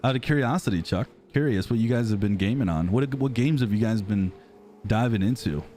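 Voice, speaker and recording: A man's voice: fairly low pitch, fairly quick, dark tone, slight background noise. A man in his thirties with an American accent, chatting casually with viewers on a live stream, rambling and self-deprecating. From United States. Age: 30s. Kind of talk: casual live-stream chat reading comments.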